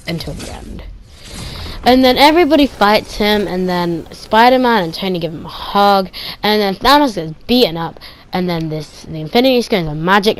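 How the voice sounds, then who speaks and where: Excitable woman recapping with pew-pew noises. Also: on the low side. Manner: excitable retelling with pew-pew sound effects; rambling, trails off into quiet asides. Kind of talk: casual spoken movie review.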